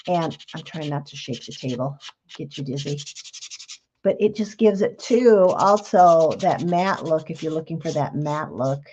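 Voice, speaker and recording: A woman's voice: low-pitched, animated, a little slow, warm tone, dull audio, a little hiss or hum. A middle-aged woman hosting a live craft demonstration, chatting in a homey, explanatory way. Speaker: craft show host.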